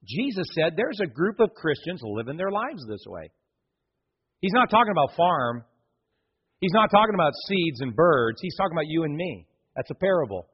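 A man preaching a sermon in a lively, conversational way, acting out quoted voices with playful emphasis. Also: a little high, normal speed, husky, highs cut off. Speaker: pastor.

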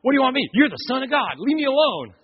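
A man doing a frantic demon voice, pitched up high and shouting as it begs to be left alone. The sound is raspy and a little dull, like a lo-fi sermon recording. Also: big pitch swings, fast talker, in a large hall, heavily acted. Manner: high, loud, pleading outburst. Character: desperate male demon possessing a man.

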